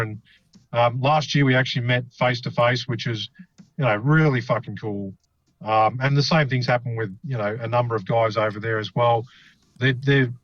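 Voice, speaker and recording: A man's voice: mid-range voice, a bit bright, no echo. A man chatting casually on a podcast, rambling and enthusiastic, swearing now and then. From Australia. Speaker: podcast co-host. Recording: dry, dull lo-fi podcast mic.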